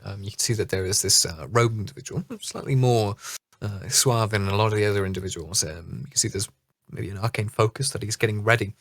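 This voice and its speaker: A man narrating a tabletop game as dungeon master, relaxed and hesitant with many fillers. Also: on the low side, a little fast, dry recording, clean studio sound.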